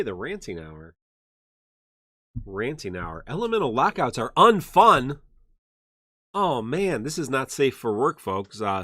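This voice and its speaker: A man's voice: medium pitch, a bit bright, no room sound, clean studio sound. A man hosting a podcast livestream pre-show, chatting casually, rambling and joking with frequent laughs. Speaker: podcast host.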